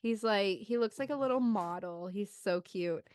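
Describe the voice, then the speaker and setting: A young woman in her twenties tells a story on a podcast in a loose, chatty way. Her voice is smooth and clear, in a mid range, and the sound is close and dry. She jumps way up in pitch when she acts out the children's lines. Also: normal speed, a little mellow, no room sound. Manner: loose, chatty telling with many "like"s. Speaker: podcast co-host. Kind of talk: casual storytelling chat.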